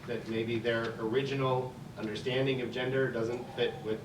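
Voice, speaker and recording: A man interviewing panel guests in a church, asking slow, careful questions. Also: mid-range voice, flat delivery. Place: large echoey church sanctuary. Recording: echoey room, distant mic, background noise.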